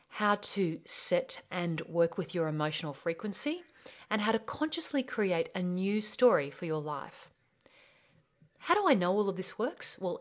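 An Australian woman with a slightly low voice, introducing her podcast as host and life coach. Her delivery is earnest and upbeat, with a motivational lift.

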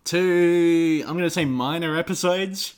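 A man's voice: mid-range voice, normal speed, pushed and bright. A man co-hosting a casual podcast, trading dry, self-mocking jokes. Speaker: podcast co-host. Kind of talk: casual chat.

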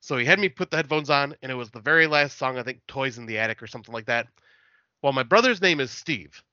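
A man's voice: medium pitch, animated, fast, sharp tone, dry recording, dull audio. A man chatting casually as a podcast guest, telling stories in a laid-back way, swearing and laughing often.

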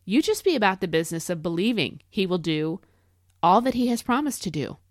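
An earnest woman hosting a devotional podcast, with a fairly low voice. She encourages her listeners and leans hard on key phrases. The sound is dry and close, with no room around it. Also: very animated, a little fast, no echo. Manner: earnest and encouraging, emphatic declarations. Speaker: podcast host.

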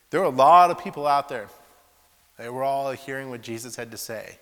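A man preaching to young people, telling lively stories and asking rhetorical questions. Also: medium pitch, fairly quick. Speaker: preacher at a youth school and camp. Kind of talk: sermon with acted voices. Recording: echoey hall reverb.

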